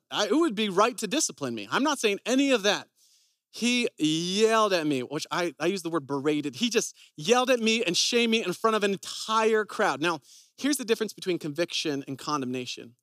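A man with a notably high speaking voice delivers a sermon, weaving personal stories into earnest, conversational teaching. The sound is close and dry, with almost no room around it. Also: a bit bright, no room sound. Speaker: preacher.

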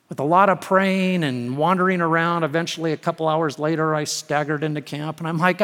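High-voiced man preaching in a reverberant hall. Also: fairly even intonation, a little fast, few pauses, fairly bright tone. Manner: storytelling, humorous asides, rising to emphatic preaching. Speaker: pastor. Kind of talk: sermon.

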